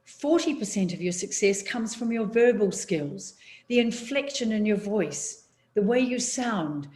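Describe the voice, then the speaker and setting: New zealand lady teaching public speaking on a video call, measured and emphatic, pauses a lot, sitting in her office. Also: mid-range voice, lively intonation, a little mellow. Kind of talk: online workshop talk. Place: home office, seated on a chair.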